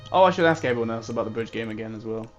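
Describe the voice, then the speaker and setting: A man's voice: medium pitch, expressive, rapid-fire, soft background music. A man chatting playfully while playing a mystery game, trying out accents and asking himself whether they come close. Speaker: gamer. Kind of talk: casual game commentary.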